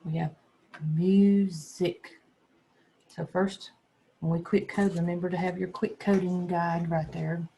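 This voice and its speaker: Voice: mid-range voice, little pitch movement, slow pace, gravelly, dark tone, a little hiss or hum. A second grade teacher giving a phonics lesson to young children, patiently sounding out words and spelling letters one by one.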